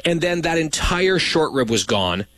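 A man's voice: a little high, sing-song, a little slow, fairly bright tone, no echo. Dry-humored man teasing his co-host. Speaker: talk show host. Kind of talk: casual banter on a talk show.

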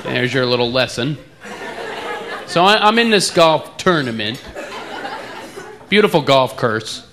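A man with an East Coast accent doing stand-up, his voice lively and fairly high. He stumbles and mocks himself over a loud club crowd and heavy noise. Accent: East Coast American. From eastern United States. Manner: halting, self-mocking, fumbles words. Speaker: stand-up comedian. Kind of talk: stand-up comedy routine. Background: loud laughing audience.

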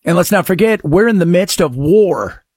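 A man's voice: high-pitched, animated, moderate pace, darkish tone, slightly rough, no room sound, studio quality. A middle-aged man hosting a talk-radio show, delivering a sarcastic, opinionated monologue that swings between mutters and outbursts.

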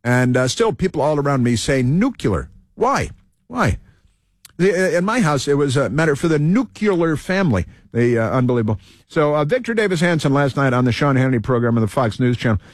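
A man's voice: mid-range voice, animated, quick pace, no echo. A male talk show host delivers a rambling opinion monologue. He stops and restarts often and fills the gaps with fillers. The sound is dry and close, with no room around him.

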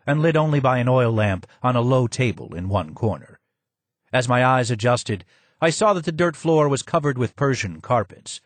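Male audiobook narrator, mid pitch, measured, dry booth sound. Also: no room sound. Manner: measured and descriptive. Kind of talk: scripted first-person narration.

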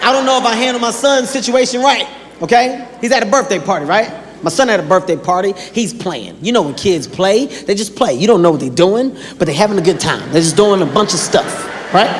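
A man performing a stand-up comedy set, telling animated stories and acting out characters with sudden shouts, in a large live venue. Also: sits high, brisk. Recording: echoey live hall with crowd noise. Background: audience laughter.

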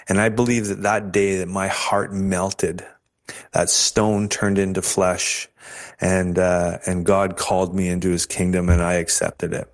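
A man's voice: low voice, flat delivery, a little slow. A man from Canada telling his conversion story as an interview guest, earnest and emotional, with many restarts. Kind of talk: personal faith testimony.

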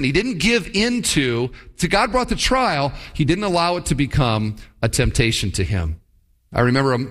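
A man's voice: mid-range voice, a bit bright. A man preaching a sermon as a church pastor, with a conversational style, asking the congregation rhetorical questions and building to emphatic points. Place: church service.

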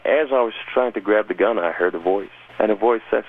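A man's voice: on the low side, brisk, hardly any pauses, slight background noise. A man giving an emphatic, impassioned personal conversion testimony as an interview guest. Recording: narrow phone-like radio sound.

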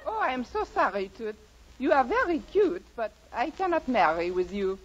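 Coy French poodle, put-on French accent, high and lively, dull radio sound, loud hiss. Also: female voice, moderate pace, over a noisy crowd. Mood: coquettish. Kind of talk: 1940s radio comedy acting.

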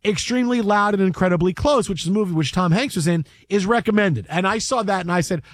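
A man co-hosting a sports podcast, telling stories in an animated, rambling way. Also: high voice, quick pace, few pauses, no room sound. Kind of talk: casual sports talk.

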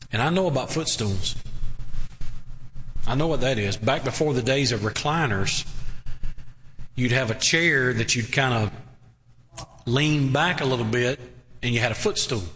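A man's voice: medium pitch, bright, forceful tone. A man preaching an emphatic sermon in a church, asking his listeners rhetorical questions. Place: church sanctuary. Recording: long hall reverb.

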